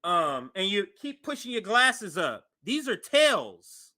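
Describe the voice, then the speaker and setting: Slow-talking bright high-voiced man commentating. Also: very animated. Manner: pointed, incredulous questioning. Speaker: commentary host. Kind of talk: reaction commentary.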